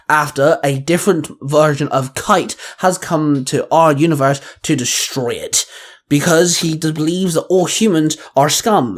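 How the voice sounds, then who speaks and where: A man reading his own fan fiction aloud as host of the show. He reads at a measured pace and slows down for titles. His voice sits a little higher than most men's. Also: a little mellow.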